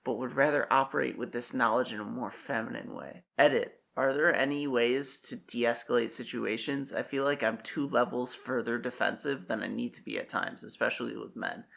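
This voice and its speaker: A young man with a gravelly, creaky edge and a bright, forceful tone. He reads posts and trades sarcastic jokes as a comedy podcast co-host. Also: medium pitch, normal speed, few pauses. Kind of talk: comedic reading and banter.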